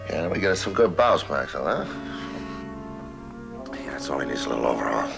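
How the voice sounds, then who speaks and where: An actor playing a battered, worn-out ex-boxer who mutters to himself in low, half-whispered tones, from an old TV drama clip. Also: male voice, very animated, normal speed, gravelly, exaggerated voice. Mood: muttering. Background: loud music.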